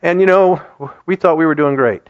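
Brief: middle-aged male pastor preaching, high and lively voice, dull lo-fi recording. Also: brisk. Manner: animated, conversational preaching to a congregation. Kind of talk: sermon. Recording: dull lo-fi sound.

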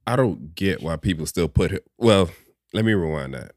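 A man's voice: deep voice, expressive, moderate pace, dry recording, studio quality. A man co-hosting a podcast, talking casually in an opinionated, playful way. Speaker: podcast co-host. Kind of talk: casual chat.

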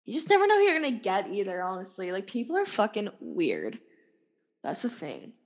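A woman's voice: mid-range voice, wildly swooping pitch, a little fast, long reverb tail. Exhausted young woman podcaster rambling. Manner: rambling, frequent "like" fillers, blunt swearing. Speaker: podcast host. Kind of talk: casual storytelling.

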